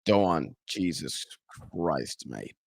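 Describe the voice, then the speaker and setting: A man's voice: sits low, takes it slowly, creaky, dry recording. A young man hosting a football watch-along stream, chatting casually with his viewers and acting out what fans say about him. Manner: animated, talks to chat, acts out fans' complaints. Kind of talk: casual live-stream chat and match commentary.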